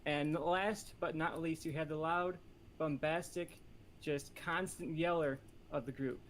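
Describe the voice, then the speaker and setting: A man talks through a movie pitch on a casual comedy podcast, rambling and joking with plenty of fillers. His voice sits a little high. A faint hiss runs under the recording. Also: fairly even intonation, measured pace, a bit bright.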